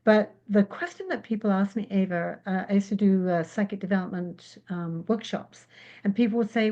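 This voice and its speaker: A woman from England, a psychic guest in a casual interview, who tells lively stories and acts out the voices she quotes. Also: mid-range voice, normal speed, highs cut off. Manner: animated storyteller, acts out quotes.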